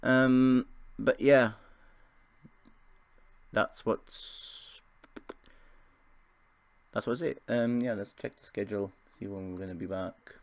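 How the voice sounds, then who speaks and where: A man's voice: lowish voice, fairly even intonation, slow, vocal fry, long pauses. A young man casually commentating his football management game, rambling and joking at his own expense. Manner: rambling, self-deprecating, chuckling asides. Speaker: gaming video host.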